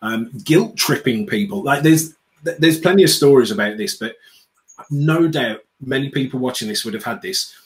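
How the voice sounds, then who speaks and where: A man's voice: medium pitch, animated, normal speed, rough recording. An outspoken man from the UK with a British accent, a guest in an interview, talking sarcastically and acting out little quotes. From United Kingdom. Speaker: guest, customer experience speaker. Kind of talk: animated interview chat.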